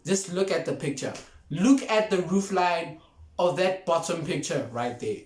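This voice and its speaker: A man's voice: fairly high pitch, lively intonation, a little slow, a little mellow. A young man reviewing cars in a casual vlog, emphatic and repeating his points, laughing often. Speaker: car vlogger. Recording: roomy echo.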